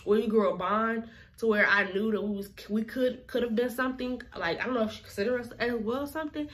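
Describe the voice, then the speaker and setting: A woman's voice: on the high side, brisk. A woman vlogger telling a personal story in a casual, chatty, slangy way.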